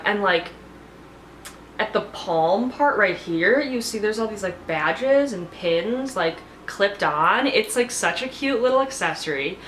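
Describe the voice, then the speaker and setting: A woman chats through a TV recap in a loose, gossipy way, dropping "like" every few words at a mid-range pitch. Her voice bounces around a noticeably echoey room, with a faint hum of ambience underneath. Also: fairly bright tone. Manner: gossipy, filler-heavy, many "like"s. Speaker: TV show reviewer. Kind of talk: casual chatty recap.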